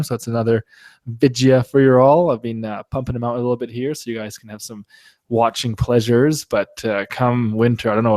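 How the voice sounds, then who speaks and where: A man's voice: medium pitch, darkish tone, no echo. A man hosting a casual live-stream chat, joking around, laughing often and reading out viewer comments.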